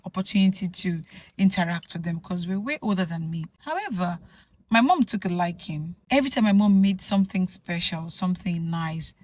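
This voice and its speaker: A woman from Nigeria telling a personal story to camera in an animated, conversational way, full of asides. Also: lowish voice. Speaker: vlogger. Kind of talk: storytelling vlog.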